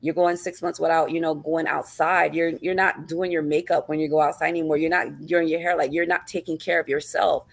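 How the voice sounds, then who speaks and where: A woman author speaks as an interview guest in a very low voice with a gravelly edge. She talks earnestly and reflectively, circling back over her own phrases. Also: flat delivery, a little fast, hardly any pauses. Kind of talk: personal interview talk.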